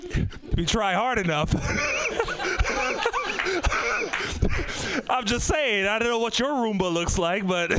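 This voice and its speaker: Animated stand-up comic from Trinidad. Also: male voice, very high-pitched, gravelly, very noisy. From Trinidad and Tobago. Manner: loud, animated storytelling with profanity. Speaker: stand-up comedian. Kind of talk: stand-up comedy set.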